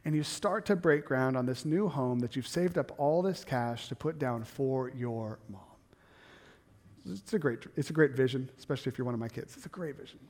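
A middle-aged man preaching a sermon in a church, animated and calling on the congregation to answer him. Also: mid-range voice, moderate pace, in a large hall. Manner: animated, asks the congregation to respond. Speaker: pastor.

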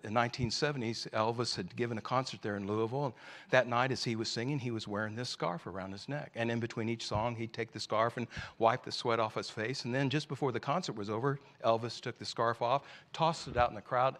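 A man preaching a sermon as a pastor. He asks many rhetorical questions and swings between loud, emphatic passages and quiet, hushed ones. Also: mid-range voice, brisk.

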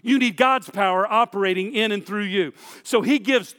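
A man's voice: high-pitched, normal speed, fairly bright tone, in a large hall. A man preaching a sermon as pastor, emphatic, with repeated phrases, speaking straight to his listeners.

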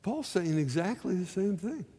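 A man preaching a sermon in a church sanctuary, his fairly high voice trailing into a long hall reverb. He slows right down to press his points and voices quoted pleas with feeling. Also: very animated, warm tone, slightly rough. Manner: dramatic slow emphasis, acting out quoted pleas. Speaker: pastor.

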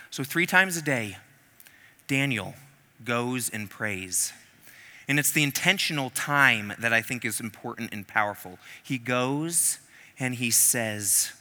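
Very bright, animated male preacher. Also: mid-range voice, measured pace. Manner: animated, humorous, acts out voices. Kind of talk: sermon. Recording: long hall reverb.

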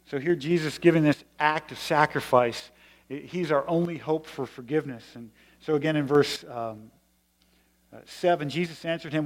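A man's voice: on the high side, moderate pace. A male pastor giving a sermon in a conversational, explanatory way with emphatic stresses. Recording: long hall reverb.

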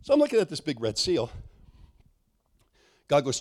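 Animated middle-aged male preacher. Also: mid-range voice, moderate pace, pauses often. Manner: animated, acts out dialogue, restarts often. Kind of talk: sermon storytelling.

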